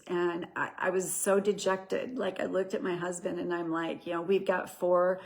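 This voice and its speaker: A woman's voice: fairly low pitch, level tone, moderate pace, gravelly, hardly any pauses. A middle-aged woman hosting a show, sharing a personal testimony in an earnest, conversational storytelling way. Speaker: host.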